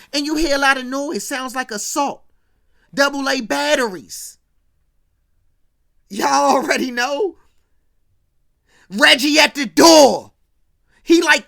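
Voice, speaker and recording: A show host doing an animated, slangy recap of a film, acting out the characters' lines and swinging between hushed asides and loud bursts. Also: medium pitch, unhurried, vocal fry, long pauses. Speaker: host of a movie commentary channel.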